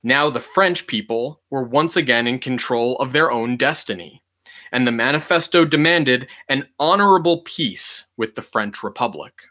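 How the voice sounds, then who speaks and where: A man reading a history book aloud in a measured, deliberate way, leaning on key words for emphasis. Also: medium pitch, animated, pushed and bright.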